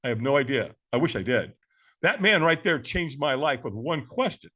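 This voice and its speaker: A man in his seventies from California, a podcast guest telling a story in a lively way, often calling the listener "man.". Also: medium pitch, moderate pace, slightly rough. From California, USA. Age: 70s. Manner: lively, acts out quoted voices, says "man" often. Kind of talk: animated storytelling.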